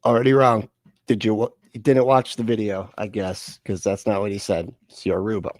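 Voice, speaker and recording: A man's voice: lowish voice, level tone, normal speed, darkish tone, no echo, clean studio sound. Sarcastic man hosting a live reaction. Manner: sarcastic, laughing, jokey asides. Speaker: reaction stream host.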